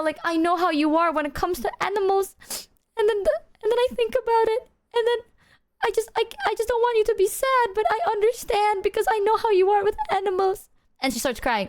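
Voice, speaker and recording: A young woman streamer chatting casually, telling an animated story and acting out the quotes. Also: very high voice. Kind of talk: casual chat.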